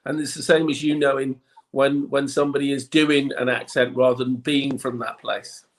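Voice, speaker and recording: A man's voice: mid-range voice, level tone, normal speed. A man with a Liverpool accent, a guest chatting casually in an interview with many little restarts. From Liverpool, England. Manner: chatty, frequent restarts and ums. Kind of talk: relaxed interview chat.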